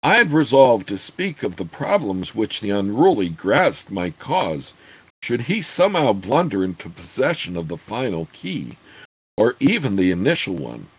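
A man's voice: on the low side, very animated, normal speed, husky, exaggerated voice. A man voicing a proud, suspicious demoness queen who speaks in a stately, formal way. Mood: regal.

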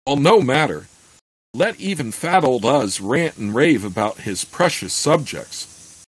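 A man reading a fantasy novel aloud in a steady voice, then talking it over with many fillers and restarts. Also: mid-range voice, unhurried, slightly rough, dry recording, poor audio. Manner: plain steady reading of the narration. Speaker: podcast host reading a novel aloud and discussing it.

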